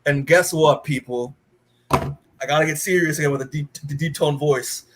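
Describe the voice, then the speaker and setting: Male podcast co-host, slightly higher voice, casual rambling recap full of "like", acts out dialogue. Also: fairly even intonation, moderate pace, noisy background. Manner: rambling, acts out characters' lines, many "like"s. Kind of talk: casual comic book recap.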